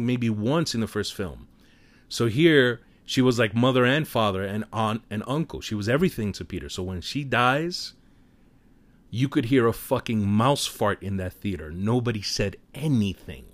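A man giving a casual spoiler movie review, retelling scenes in an animated, profane storytelling manner. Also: medium pitch, no echo.

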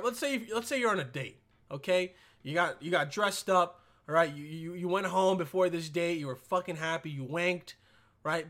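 A man's voice: high voice, a bit bright. A young man ranting casually and profanely, stumbling over repeated words and checking "all right?" after every point. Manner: stumbling repetitions.

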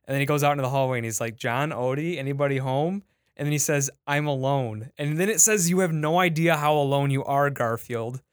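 A man's voice: mid-range voice, brisk, clear, resonant tone, no echo, clean studio sound. A man, the show's producer, retelling a comic strip in casual podcast chat, full of likes and restarts.

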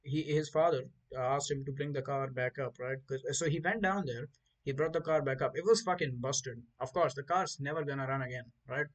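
A man's voice: mid-range voice, fairly quick, poor audio. A man hosting a podcast, telling rambling stories in casual chat with lots of swearing and stumbling restarts. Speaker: podcast host.

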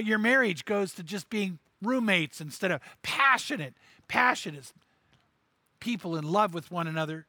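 A middle-aged man preaching a sermon, an animated storyteller who acts out the voices in his anecdotes. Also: high voice, no room sound. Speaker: pastor. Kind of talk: sermon with acted-out stories.

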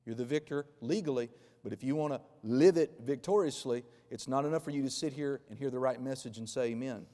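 A pastor in his forties preaching a sermon, with emphatic loud bursts that drop into quiet, close asides. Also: mid-range voice, a little fast, few pauses, in a large hall. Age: 40s.

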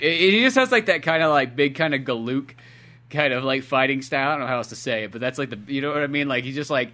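A man's voice: fairly high pitch, sharp tone. A young man co-hosting a podcast in casual chat, rambling and acting out film characters. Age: young adult. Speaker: podcast co-host.

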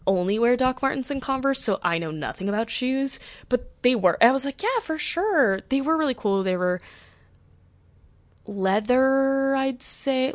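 A woman's voice: mid-range voice, no echo. A young woman hosting a podcast, telling a story in a gushing, chatty way with many "like"s. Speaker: podcast host. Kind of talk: casual storytelling.

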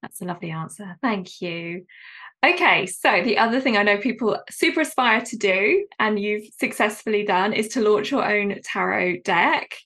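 A woman's voice: medium pitch, expressive, normal speed, a bit bright. A woman with a British accent hosting an interview, telling stories and asking questions conversationally. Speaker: podcast host.

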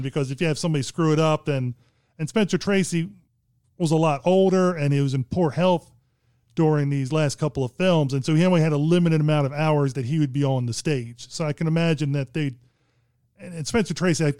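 A man's voice: a little high, fairly quick, a little mellow, clean tone, no room sound, studio quality. A man co-hosting a casual film chat, rambling and hesitant, with many restarts. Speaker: podcast co-host discussing films.

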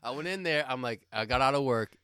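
A man in casual conversation who rambles through everyday stories and laughs easily. His voice sits in an ordinary middle pitch. The recording is close and dry, with no room sound. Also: expressive, fast, sharp tone, clean tone, no room sound. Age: adult with a young son. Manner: rambling storyteller, laughs often, swears. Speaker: podcast co-host. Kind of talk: casual chat.

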